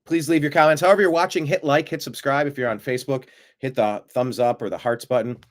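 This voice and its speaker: A man hosting a live-streamed political commentary show, talking in an animated way with sarcastic asides and frequent fillers. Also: mid-range voice, fast. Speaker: host of a political news show.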